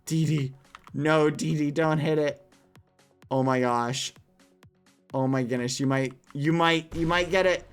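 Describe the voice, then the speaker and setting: A man streaming a game live, cheering players by name and shrieking high when the game turns. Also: steady tone, a little slow, clean tone, faint music behind. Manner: talks to chat and players by name.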